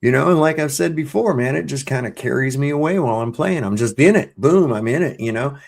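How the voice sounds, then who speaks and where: A man's voice: mid-range voice, quick pace, creaky. A middle-aged man hosting a live stream, chatting casually and telling loose stories full of swearing. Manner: loose, profane storytelling. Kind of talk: casual chat.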